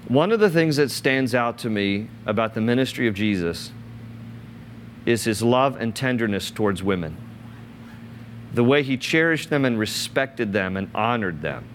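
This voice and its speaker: A man delivers a sermon in an earnest, conversational manner. He reads scripture aloud and then stops to explain it in his own words, with a voice of ordinary pitch for a man. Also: lively intonation, normal speed, a little hiss or hum. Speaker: pastor.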